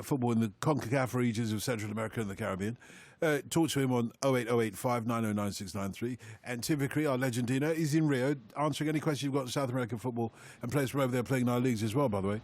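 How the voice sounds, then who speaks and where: A man's voice: mid-range voice, rapid-fire, darkish tone, no room sound. A man presenting a live radio football phone-in, reading out numbers and texts with chatty, jokey banter.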